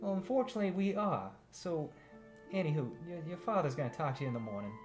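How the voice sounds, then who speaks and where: A man's voice: on the high side, expressive, quick pace, music in the background, pitched above the performer's own voice, natural voice. A man voicing a fussy mother with a put-on Italian accent, scolding her son during a tabletop game. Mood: reproachful. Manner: exasperated, emphatic and nagging. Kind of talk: tabletop role-play acting.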